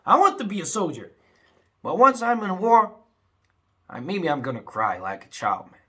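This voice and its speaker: A young man talking casually to his viewers, swinging between angry outbursts and low, sad muttering, full of "you know" and "man". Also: sing-song, moderate pace, bright, forceful tone, breathy edge. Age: young adult. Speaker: vlogger. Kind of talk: casual rant to camera.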